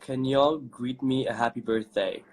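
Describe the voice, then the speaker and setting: A man's voice: mid-range voice, steady tone, measured pace, poor audio. A young man from France with a French accent, hosting a casual live chat as a drag performer, campy and chatty, reading comments aloud.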